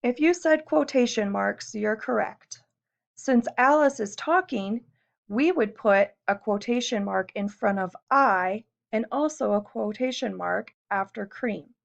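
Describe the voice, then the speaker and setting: A woman teacher with a fairly high voice and a gravelly edge walks through a lesson patiently, step by step. She poses questions to her students as she goes. The recording sounds dull and lo-fi. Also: a little slow.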